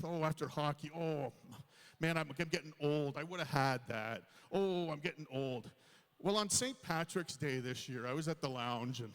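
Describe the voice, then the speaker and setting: Fifties stand-up comic, self-deprecating, slightly high voice, live on a reverberant stage. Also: male voice, a bit bright. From Canada. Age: 50s. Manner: self-deprecating storytelling to a crowd. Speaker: stand-up comedian. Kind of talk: stand-up comedy set. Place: large hall on stage.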